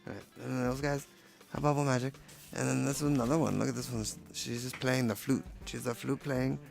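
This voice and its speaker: Playful gravelly man narrating his paintings. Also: mid-range voice, level tone, brisk, soft background music. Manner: playful, rambling, jokey. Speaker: painter showing his work. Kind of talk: casual commentary.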